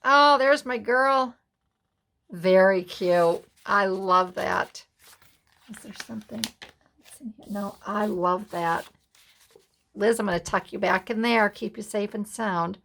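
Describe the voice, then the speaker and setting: A woman from the USA hosting a casual craft flip-through, softly gushing over each page. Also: medium pitch, steady tone, takes it slowly, gravelly. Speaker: craft vlogger.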